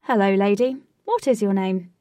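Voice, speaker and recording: A woman doing a shy, excitable man. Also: medium pitch, normal speed, no room sound, studio quality, distant mic, close to an everyday voice. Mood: eager. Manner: bashful, then over-eager.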